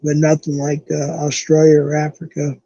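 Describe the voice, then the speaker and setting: A man's voice: fairly high pitch, completely flat delivery, normal speed, warm tone, husky, no echo, dull audio. A man from the American Southwest hosting a casual live stream, rambling loosely and correcting himself as he chats with viewers. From southwestern United States. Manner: rambling, loose, thinks aloud with fillers and self-corrections.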